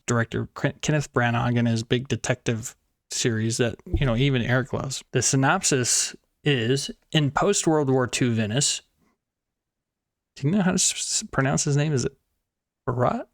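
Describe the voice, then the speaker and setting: A man's voice: mid-range voice, moderate pace, dry recording, studio quality. A man co-hosting a casual podcast about movies, chatty and laughing often. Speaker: podcast co-host. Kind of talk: casual chat.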